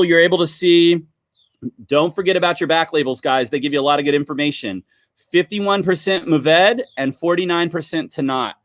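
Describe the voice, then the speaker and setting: A man's voice: on the high side, dry recording, clean studio sound. Upbeat man hosting a live wine tasting. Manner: chatty, upbeat, talks to viewers. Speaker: livestream host.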